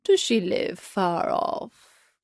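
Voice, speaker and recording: A woman voicing a sly, hungry male wolf in a storybook, drawing the words out slowly. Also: medium pitch, big pitch swings, vocal fry, a little mellow, dry recording, clean studio sound, exaggerated voice.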